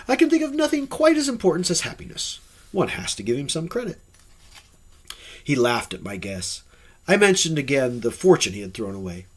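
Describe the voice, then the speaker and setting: Husky man reading an audiobook. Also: medium pitch. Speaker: audiobook reader. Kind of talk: audiobook narration.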